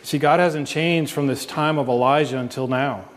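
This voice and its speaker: A man's voice: medium pitch, steady tone, moderate pace. Male pastor preaching earnestly; mid-range voice, lingering hall echo. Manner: earnest preaching, asks the congregation questions. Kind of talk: sermon. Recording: long reverb.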